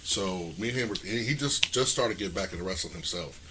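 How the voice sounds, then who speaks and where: Brief: lower-pitched male podcast guest, loose and profane, spins rambling stories, noisy recording. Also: a little fast. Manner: profane, rambling, laughs often. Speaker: podcast guest, pro wrestler. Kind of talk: casual storytelling chat. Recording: noisy background.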